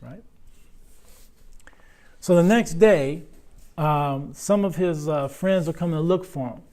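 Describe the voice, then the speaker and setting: A man's voice: on the high side, slow pace, long pauses, a little mellow. A man teaching an Islamic morals lesson to a class, conversational, asking questions and tagging his points with "right?". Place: lecture room.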